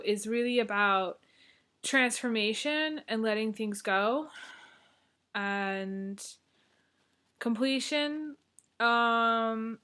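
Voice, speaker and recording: A woman's voice: fairly high pitch, a bit bright. A woman tarot reader talking casually and earnestly to her viewers, reading a heartfelt letter aloud. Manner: earnest, heartfelt, chatty with many fillers.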